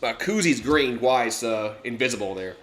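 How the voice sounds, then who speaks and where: A man's voice: medium pitch, expressive, normal speed, a bit bright, roomy sound. A man hosting a live stream, giving casual, rambling play-by-play commentary with lots of fillers and restarts.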